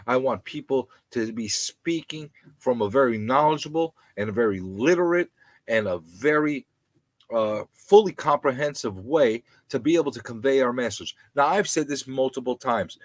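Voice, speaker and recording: A man hosting a live stream, ranting about landlords in an animated, indignant, repetitive way. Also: mid-range voice, no echo, poor audio.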